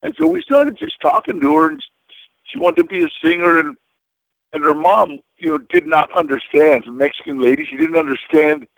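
Gravelly man telling rambling stories. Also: a little high, animated, normal speed, no echo, phone-quality sound. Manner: rambling, repeats words, many fillers. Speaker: interview guest. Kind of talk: casual storytelling interview.

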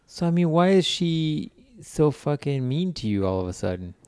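A man's voice: a little high, sing-song, normal speed, darkish tone, clean tone. A man co-hosting a podcast in casual chat, teasing his friend with questions and laughing often. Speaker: podcast co-host.

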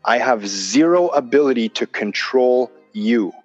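A man's voice: medium pitch, lively intonation, measured pace. A man in casual conversation, making his points with emphasis, repeating them and explaining with examples. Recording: dull lo-fi sound with faint music.

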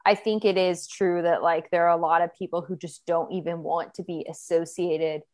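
Young woman, podcast co-host; slightly low voice, chatty and sarcastic. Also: steady tone, normal speed, a little mellow. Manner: chatty, sarcastic, uses "like" a lot. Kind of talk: casual chat.

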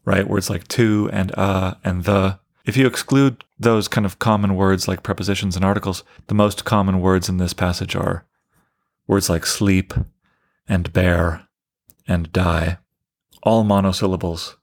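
A man's voice: sits low, fairly even intonation, a little slow. A man giving a methodical, explanatory lecture on poetic meter as a literature teacher. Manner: methodical, explanatory, counts things out loud.

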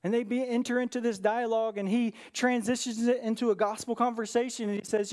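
Pastor guy preaching, chatty, keeps saying right?, goes from loud and quick to really quiet. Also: very high voice, little pitch movement. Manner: conversational, with frequent "right?" asides. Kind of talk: sermon.

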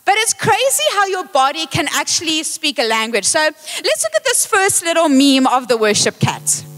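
A woman preaching a lively live sermon in a church, excitable, playful and self-mocking, speaking on a handheld microphone. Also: high-pitched, normal speed, slight background noise. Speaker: worship leader preaching. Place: church auditorium, live service. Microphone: handheld mic. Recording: long reverb of a church hall.

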